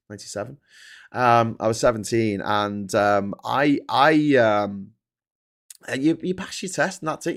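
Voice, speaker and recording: A man in his forties hosting a show, ranting in a rambling, sweary, exasperated way. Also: mid-range voice. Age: 40s. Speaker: host. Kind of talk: casual rant monologue.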